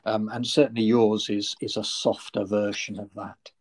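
A man with a southern English accent hosting a podcast interview, talking in a halting way with many fillers and restarts. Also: on the low side, level tone. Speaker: host.

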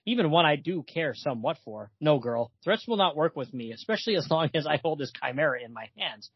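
Guy doing a deep arrogant vampire lord, cold and bossy, bit husky, muffled audio. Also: expressive, fairly quick, no room sound. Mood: scornful. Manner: cold, commanding, contemptuous. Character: haughty vampire lord Dracula, male.

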